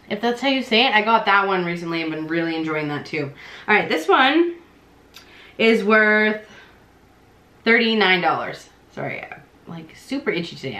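A woman vlogger chatting excitedly as she unboxes beauty products, thinking out loud. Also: mid-range voice, a little hiss or hum. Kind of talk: casual unboxing chat. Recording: echoey room.

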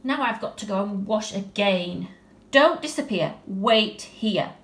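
A woman voicing a cross, bossy little girl who scolds her bear loudly. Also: mid-range voice, animated, unhurried, echoey room, natural voice. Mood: scolding.

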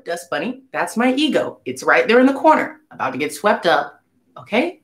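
Young woman, storytime vlog, lively swooping pitch, slangy and animated, roomy echo. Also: brisk. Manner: animated, slangy, acts out voices of others in her story. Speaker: singer vlogging a story. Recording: echoey room.

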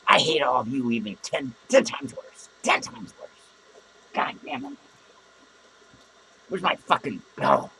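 A medium-pitched man swings his pitch widely, speaking a little slowly with frequent pauses in an exaggerated voice, over a rough recording with some hiss or hum. As a crude, drunk clown podcasting from a small studio, he delivers a boozy, profane, self-mocking comic rant full of cackling laughs.

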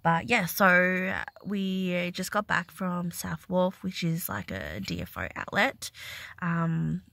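A woman's voice: fairly low pitch, expressive, slow, vocal fry, sharp tone. A young woman vlogging casually about her day as a mum, rambling with lots of "um" and "like". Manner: rambling, many fillers like 'um' and 'like'. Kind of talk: casual vlog chat.

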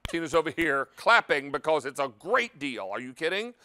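A man hosting a live TV shopping show from a studio kitchen, chatty and emphatic as he pitches a product. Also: very animated, moderate pace, sharp tone, a little hiss or hum. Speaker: TV shopping host.

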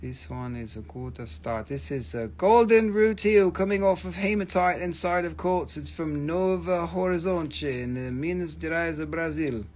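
Excitable man selling rocks live. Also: on the high side, moderate pace, hardly any pauses. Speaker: online rock and mineral seller. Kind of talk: live sales stream. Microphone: phone.

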